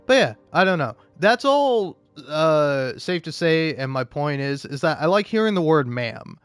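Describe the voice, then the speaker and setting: A man's voice: on the high side, very animated, a little slow, fairly bright tone, smooth, no echo, soft background music. A drunk man rambling profanely in casual gaming commentary, full of restarts and fillers. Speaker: gaming YouTuber.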